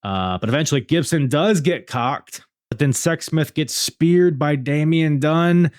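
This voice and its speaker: A man's voice: a little high, a little slow, hardly any pauses, dry recording, studio quality. Laid-back man rambling about wrestling. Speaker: podcast host. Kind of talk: casual wrestling review.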